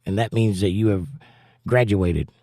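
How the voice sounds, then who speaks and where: A man's voice: lowish voice, measured pace, dark tone, no echo. Male livestream host, casual, jokey, reads chat aloud, dry close sound. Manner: chatty, jokey, reads viewer comments aloud.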